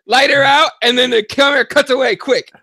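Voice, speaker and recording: Fast, high-voiced excitable man. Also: vocal fry, dry recording, studio quality. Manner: excitable, swears freely, laughs often. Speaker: podcast co-host. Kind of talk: casual chat about fighting sports.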